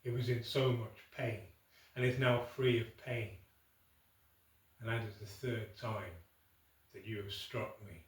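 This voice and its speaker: Grave fairy wife from a lake, read by a man, quiet and unhurried, in a roomy far-off sound. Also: mid-range voice, fairly even intonation, natural voice. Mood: grieving. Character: sorrowful lake-born wife with second sight. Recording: echoey room, from far off.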